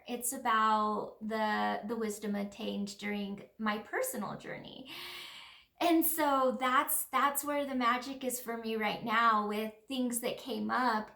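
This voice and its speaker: A woman's voice: a little high, steady tone, unhurried, creaky, pushed and bright. A woman talking through a casual, reflective monologue as a spiritual healer, in an earnest, rambling way full of fillers. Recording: roomy echo.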